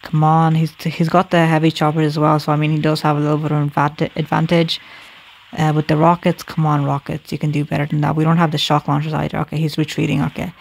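Gravelly, flat-voiced man commenting gameplay. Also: on the high side, fast, a little hiss or hum. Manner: thinks aloud, self-correcting, addresses viewers as guys.

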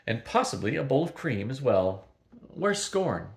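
An older man voicing a brisk, no-nonsense witch in a storybook reading, dry and firm, close to his own voice, in a roomy recording. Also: mid-range voice, big pitch swings, gravelly.

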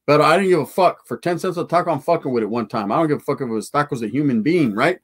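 Man spinning a raw, cussing street tale for viewers, pitched a touch high. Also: fast talker, slightly rough. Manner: profane, slangy, animated street storytelling. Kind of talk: casual storytelling to a live chat.

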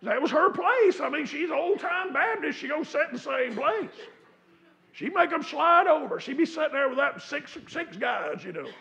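A man's voice: extremely high pitch, very animated, moderate pace, gravelly, low-quality recording. A man preaching a sermon in a church, telling folksy stories and building to fervent outbursts. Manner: folksy storytelling, rising to fervent shouts. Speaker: pastor. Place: church sanctuary.

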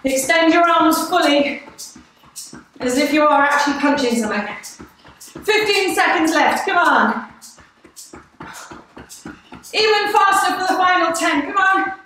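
Breathless woman, bubbly and encouraging, high voice, echoey, distant. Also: a little slow, pauses often, bright, forceful tone, slight background noise. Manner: cheerful, encouraging, bubbly, with breathy whoops between cues. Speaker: fitness instructor. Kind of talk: live workout coaching.

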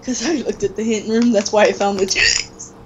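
A woman's voice: medium pitch, steady tone, moderate pace, lo-fi sound. A young woman chatting while playing a video game, teasing and giggly, and she has the hiccups. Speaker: gamer. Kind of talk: casual gameplay chat. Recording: faint background noise.

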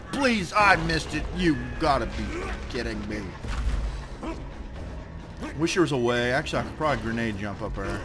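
A young man giving loose commentary on his own gameplay, swearing a lot, muttering to himself and yelling at enemies when they hit him. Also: medium pitch. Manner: swears often, trash-talks enemies; yells in frustration when hit. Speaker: let's play gamer. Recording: game music playing behind.

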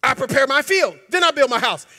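A man preaching a sermon in a church, emphatic and colloquial, sometimes breaking into shouts. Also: very high voice, animated, brisk. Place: church sanctuary. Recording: long hall reverb.

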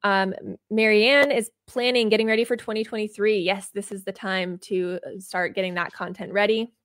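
A woman's voice: medium pitch, steady tone, normal speed, a bit bright, no room sound. A woman co-hosting a livestream, bubbly and casual, with frequent ums as she reads out comments. Her voice is close and dry, with no room sound. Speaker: livestream co-host.

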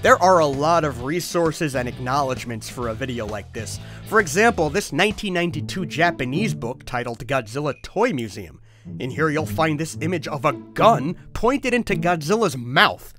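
A man hosting a comedic toy history show, with a lively, swooping delivery. He sounds jokey and exasperated, and his voice cracks upward when flustered, over faint background music. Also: a little high, moderate pace. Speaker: host.

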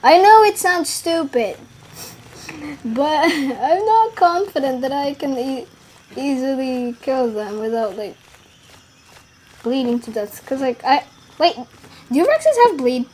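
A female gaming YouTuber gives casual gameplay commentary in a high, slightly breathy voice, speaking slowly with long pauses. She giggles and rambles, trails off mid-sentence, and bursts into excited shouts.

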